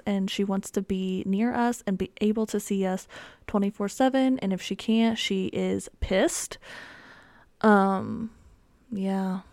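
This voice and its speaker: Hosting her podcast alone, a young woman with a medium-pitched, darkish voice casually tells a story that rambles, full of ums and likes. No room sound is audible.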